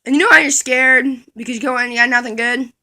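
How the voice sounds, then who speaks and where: A woman's voice: sits high, fast talker, pushed and bright. A woman telling a comic story from her school days, rambling along and giggling at her own jokes.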